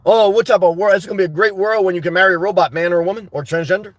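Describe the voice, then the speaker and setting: High-voiced man rambling to live chat. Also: racing, few pauses, a bit bright, no echo. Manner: rambling and off-the-cuff, with frequent restarts; blunt and crude humor. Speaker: livestream host reading chat. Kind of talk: casual live-chat talk.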